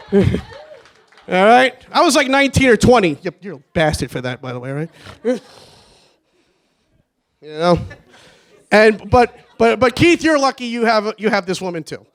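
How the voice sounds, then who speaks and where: A man's voice: high voice, very animated, measured pace, pauses often. A man giving a rambling, nervous wedding toast for his brother, laughing often. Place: wedding reception.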